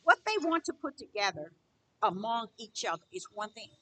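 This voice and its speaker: A woman's voice: medium pitch, sing-song, normal speed, sharp tone, no echo. A middle-aged woman preaching a spiritual monologue, emphatic and repetitive, testifying at length. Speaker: spiritual teacher.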